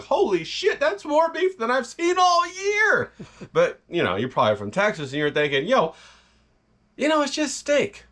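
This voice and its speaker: A man's voice: medium pitch, fairly bright tone. A man hosting a casual cooking vlog from his home kitchen, talking in a rowdy, folksy, profane ramble with asides to the viewer and his cameraman. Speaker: home cook host.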